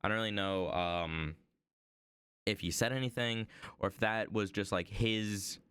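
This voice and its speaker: A man's voice: fairly low pitch, fairly even intonation, unhurried, a bit bright, clean tone. A young man telling a long story on a casual stream, rambling with many fillers as he draws. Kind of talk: casual storytelling while drawing.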